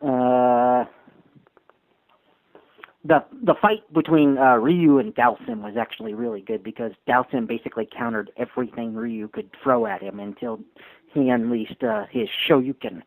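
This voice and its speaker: A man's voice: mid-range voice, lively intonation, normal speed, gravelly, no echo, phone-quality sound. A young man co-hosting a casual podcast chat, talking loosely and hesitantly. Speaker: podcast co-host.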